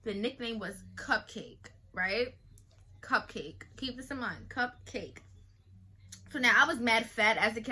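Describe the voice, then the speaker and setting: Bright-voiced young woman telling a story. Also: on the high side. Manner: animated, slangy, acts out quotes. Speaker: vlogger. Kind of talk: casual storytime.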